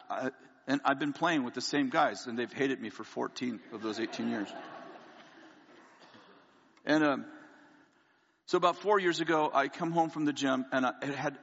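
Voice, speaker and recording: A man preaching a sermon, telling a candid, self-mocking personal story and quoting people in lively voices. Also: mid-range voice, vocal fry. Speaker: pastor. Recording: dull lo-fi audio with long hall reverb.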